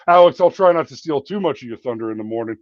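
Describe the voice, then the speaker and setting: A man's voice: mid-range voice, quick pace, no room sound, dull audio. A man hosting a casual podcast, joking and swearing freely in banter with his guests. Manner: profane, joking, animated. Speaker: show host.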